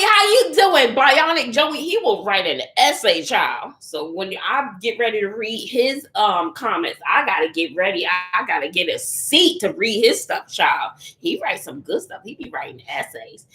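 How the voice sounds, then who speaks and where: Middle-aged woman, vlog host, lively sing-song chatter, roomy echo. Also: mid-range voice. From Texas. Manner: chatty, laughs often, calls viewers honey and child. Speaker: channel host doing a live chat. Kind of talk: casual livestream chat. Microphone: phone or computer.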